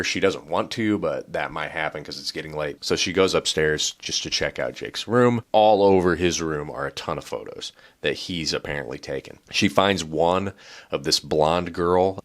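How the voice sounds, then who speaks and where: A man's voice: very deep voice, fairly bright tone. A man retelling a novel's plot in a casual book review. He talks in a loose, chatty way, with a lot of "like" and some swearing.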